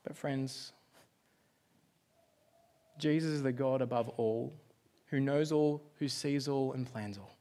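A male pastor preaching a sermon, telling a story with dramatic swings from loud outbursts to hushed, quiet lines. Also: medium pitch, takes it slowly, pauses often.

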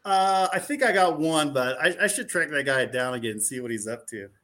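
A man as a podcast guest, rambling through animated anecdotes full of "like" and acted-out quoted dialogue. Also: on the high side, fairly quick. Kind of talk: casual storytelling chat.

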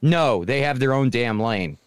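A man's voice: medium pitch, animated, measured pace, clear, resonant tone, dry recording. A man co-hosting a podcast, talking in blunt, profane, joking banter. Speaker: podcast co-host. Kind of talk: casual banter.

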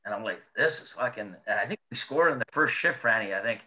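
A former hockey player with a mid-range voice talks quickly in a casual chat. He tells animated, profane anecdotes, laughing as he goes.

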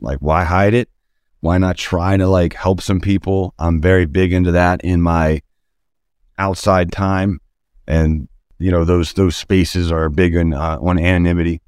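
A man's voice: deep voice, a little mellow, dry recording, studio quality. A man in his thirties speaking candidly as an interview guest, casual and reflective, often calling the listener "man". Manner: casual, says "man" a lot, frank and reflective. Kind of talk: candid conversational storytelling. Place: indoors, office.

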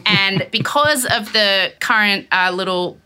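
A young woman hosting a casual chat, telling a story in an animated way and acting out what others said. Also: mid-range voice, unhurried, smooth. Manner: animated storytelling, acts out quotes. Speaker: podcast co-host.

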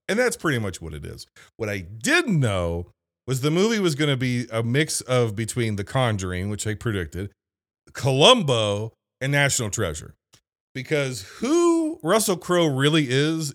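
A man hosting a solo movie review, thinking aloud into a microphone with restarts and asides. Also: fairly low pitch. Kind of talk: solo off-the-cuff film review. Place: video store. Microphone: studio microphone.

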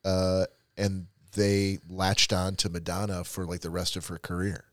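Man, podcast co-host, fairly low voice, relaxed chatty talk, dry sound. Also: unhurried, no room sound. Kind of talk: casual chat.

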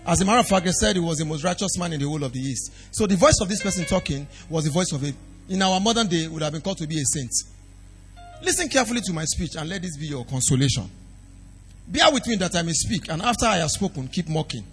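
A man preaching a sermon as pastor, swinging from quiet asides to shouted emphasis. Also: on the high side, expressive, fast. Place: church hall. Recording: long reverb of a hall with faint music.

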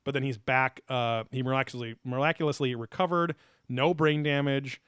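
A man's voice: medium pitch, brisk, clean tone, no room sound, studio quality. A man co-hosting a podcast, telling rambling, profane stories in casual chat. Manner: profane, rambling, animated storytelling. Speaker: podcast co-host.

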